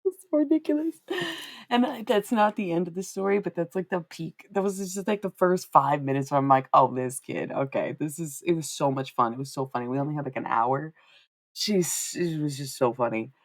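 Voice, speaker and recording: A woman streamer chatting casually at home, telling a funny story with laughs, swearing, and quoted lines in put-on high voices. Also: fairly quick, no room sound.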